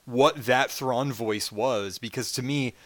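A man co-hosting a casual fan discussion podcast, talking animatedly with fillers and quick restarts. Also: mid-range voice. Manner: animated, swears, quotes characters in put-on voices. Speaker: podcast co-host.

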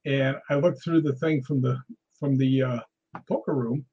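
A man, a guest ghost hunter, telling animated stories in a casual conversation. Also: mid-range voice, normal speed, slightly rough, muffled recording. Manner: animated anecdotal storyteller.

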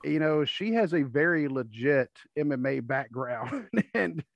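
A man's voice: fairly high pitch, lively intonation, a little slow, creaky, no echo. A man hosting a casual chat, rambling through stories and acting out what people said. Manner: rambling storyteller, acts out quotes. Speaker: podcast host. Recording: dull lo-fi dry audio.

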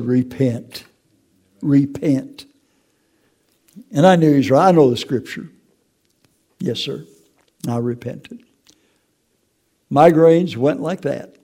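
A man's voice: on the high side, creaky, mellow. An older man telling his Christian testimony in a folksy, preacherly way, often tagging his lines with "okay?". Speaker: testimony speaker.

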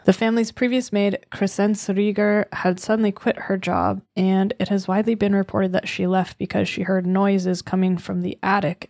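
A woman's voice: mid-range voice, a little mellow, no room sound, clean studio sound. An American woman co-hosting a true-crime podcast, chatting casually with jokey asides. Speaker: podcast co-host.

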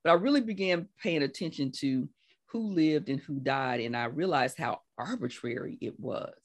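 A woman in her sixties, a life coach being interviewed, telling her story in a lively way and acting out what people said. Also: normal speed. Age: 60s. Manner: animated storyteller, acts out quotes with big laughing pitch jumps. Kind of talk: conversational interview.

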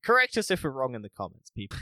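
Bright, animated podcast guy. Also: medium pitch, quick pace, dry recording. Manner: animated, acts out scenes, laughs often, swears. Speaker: podcast co-host. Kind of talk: casual spoiler review chat.

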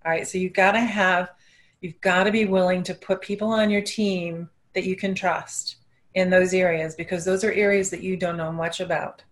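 A woman consultant answers interview questions in an earnest, practical way. Her voice is somewhat low for a woman, and her advice comes across as plain and direct. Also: steady tone, moderate pace.

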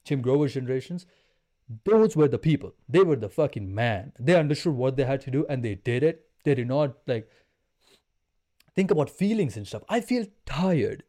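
A man's voice: medium pitch, lively intonation, normal speed, mellow. A man in his twenties, a podcast guest, talking in an intense, emphatic, slangy way. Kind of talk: casual chat.

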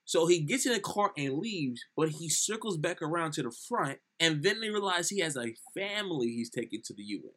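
Young man, podcast co-host, bright tone, somewhat high voice, lively retelling. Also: a little fast, few pauses. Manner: animated retelling, acts out lines. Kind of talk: casual film review chat.

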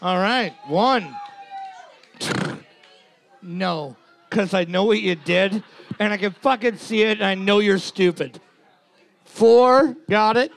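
A man's voice: high voice, slow pace, vocal fry, long pauses, no room sound. A man co-hosting a trivia show, counting off teams and teasing them with profane sarcasm. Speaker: co-host scoring answers. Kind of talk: casual comedic banter.

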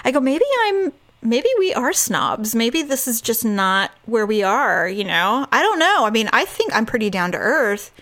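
A woman's voice: on the high side, animated, normal speed, hardly any pauses, sharp tone. A woman telling a story in a casual podcast chat. She acts out the other people's lines and laughs often.

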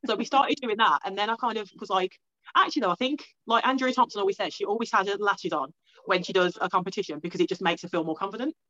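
A quick, chatty woman, talking as a guest on a podcast and peppering her sentences with "like". The audio is dull and lo-fi, and the sound is dry and close. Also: medium pitch, a bit bright, no room sound. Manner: chatty, lots of "like" and "kind of". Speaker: strongwoman athlete guest. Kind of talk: casual podcast conversation.

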